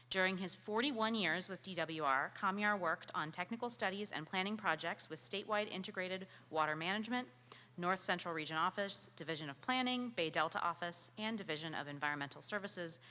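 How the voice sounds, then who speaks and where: Female moderator, friendly and procedural, bright tone, long hall reverb. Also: fairly low pitch. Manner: friendly, explains procedure, reads a bio. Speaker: meeting moderator. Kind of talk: public meeting moderation. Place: meeting hall.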